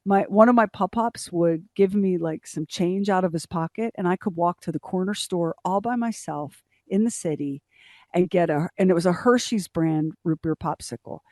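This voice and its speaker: A woman's voice: lowish voice, normal speed, no echo, clean studio sound. A middle-aged woman from Philadelphia, a radio co-host telling vivid stories in casual chat. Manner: vivid, animated storyteller.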